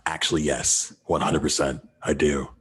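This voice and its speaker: A man's voice: extremely low pitch, level tone, moderate pace, breathy edge. A man co-hosting a podcast, telling a story in a laid-back, slangy, profane way. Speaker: podcast co-host. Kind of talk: casual storytelling chat.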